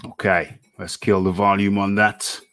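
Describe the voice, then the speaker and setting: Slow, dry-voiced man hosting a boxing show. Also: sits low, flat delivery, pushed and bright, dry recording. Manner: chatty, repeats phrases, narrates his setup. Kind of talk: live online interview show.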